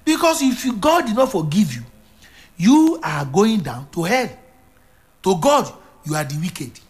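Emphatic preacher man, high voice. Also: sing-song, measured pace. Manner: emphatic, repetitive preaching with swings from loud to hushed. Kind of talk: sermon.

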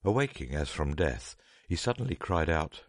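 A man reading a story aloud in a measured, dramatic narration. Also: very deep voice, big pitch swings, no echo, clean studio sound.

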